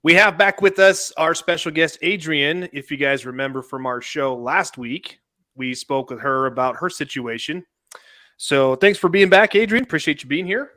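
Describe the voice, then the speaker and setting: An upbeat man hosting a casual talk show, joking with his co-hosts and walking through legal steps. His voice is bright and forceful, a bit higher than most men's, recorded close and dry with no room sound. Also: normal speed, no echo. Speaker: host. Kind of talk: casual podcast chat.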